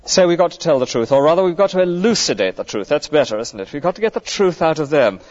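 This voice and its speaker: A man's voice: on the high side, lively intonation, fast. Clergyman preaching on dull lo-fi tape. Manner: earnest, conversational preaching with rhetorical questions. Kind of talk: sermon.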